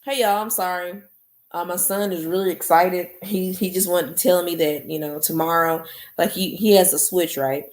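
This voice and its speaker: A woman hosting a podcast, reading a novel aloud and breaking off for relaxed, casual chat with her listeners. Her voice is on the low side, and the room gives it a clear echo. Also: normal speed. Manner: casual, chatty, says "y'all". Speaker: podcast host. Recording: echoey room.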